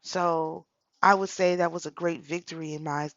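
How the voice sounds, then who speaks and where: A woman's voice: lowish voice, fairly even intonation, moderate pace, a bit bright, no echo, highs cut off. A middle-aged woman talking casually about spiritual practice, telling a personal story with repeated phrases. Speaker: spiritual channel host.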